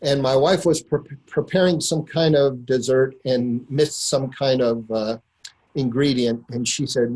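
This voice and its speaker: Man slowly recounting a personal story. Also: mid-range voice, steady tone, darkish tone, poor audio. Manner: unhurried, earnest retelling with many pauses. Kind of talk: personal anecdote told to a listener.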